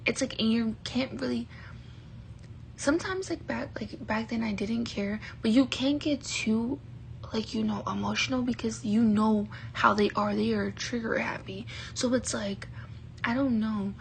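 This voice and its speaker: A young woman talking to camera in a casual vlog, soft-spoken and exasperated, often dropping to a near whisper and filling her sentences with "like.". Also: fairly high pitch, unhurried, a little hiss or hum, rough recording. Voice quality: breathy, often half-whispered. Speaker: vlogger.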